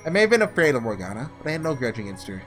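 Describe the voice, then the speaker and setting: A man's voice: mid-range voice, very animated, a bit bright, soft background music. A man reading an anxious, guilt-ridden narrator. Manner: halting, guilt-stricken first-person narration. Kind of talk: reading a visual novel aloud.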